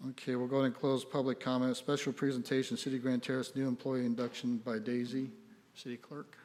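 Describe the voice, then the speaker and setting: Folksy mayor in a reverberant chamber. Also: male voice, mid-range voice, little pitch movement, fairly quick, darkish tone. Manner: friendly, joking, folksy. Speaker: mayor chairing a city council meeting. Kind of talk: chairing a public meeting, casual asides. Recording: long reverb of a council chamber.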